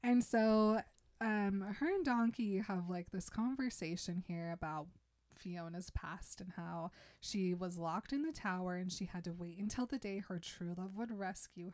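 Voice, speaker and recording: A young woman in casual chat, animatedly retelling a film and slipping in quick voices for its characters. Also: mid-range voice, darkish tone. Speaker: podcast co-host retelling a film.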